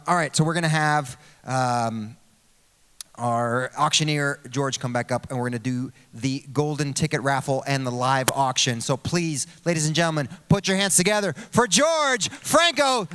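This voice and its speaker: Bright, high-voiced emcee joking on stage. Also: male voice, moderate pace, clean tone. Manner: lively storytelling with acted-out quotes. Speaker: event emcee and comedian. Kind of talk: stand-up comedy between program segments. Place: large event hall. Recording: long hall reverb.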